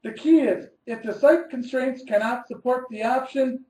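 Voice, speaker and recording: Man, architect, webinar presenter, mellow warm tone, methodical, stresses key words, roomy echo. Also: extremely high pitch, moderate pace. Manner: methodical, reads through numbered steps and stresses key words.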